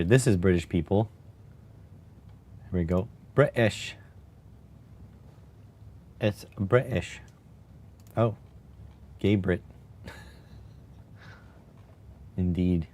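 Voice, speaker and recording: A man streaming live, chatting casually and musing aloud in a wry, unhurried way as he types. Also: deep voice, mellow. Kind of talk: casual live-stream chat while typing.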